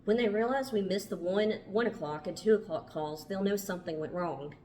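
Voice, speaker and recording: A woman's voice: medium pitch, brisk, a little mellow, close to an everyday voice. A woman reading the lines of an anxious, hopeful man who keeps pressing for reassurance. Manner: earnest, persistent questioning.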